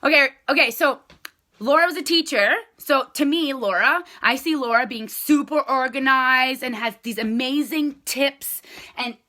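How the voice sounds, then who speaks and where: A woman's voice: high voice, moderate pace, bright, forceful tone. A woman who leads a direct sales team, chatting casually and in a rambling way with viewers on a live stream.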